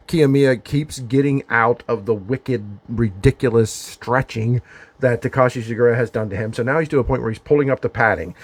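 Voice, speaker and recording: A man's voice: mid-range voice, darkish tone. A man casually narrating and reviewing a wrestling match from home, chatty and opinionated with emphatic asides. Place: home during the daytime.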